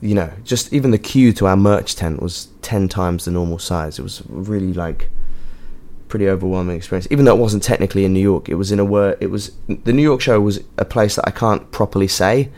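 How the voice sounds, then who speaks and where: A man's voice: low-pitched, brisk, a little mellow. An Englishman hosting his own show, talking casually in a rambling, jokey way with lots of swearing and fillers, from a hotel room. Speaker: podcast host and touring musician. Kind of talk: casual monologue.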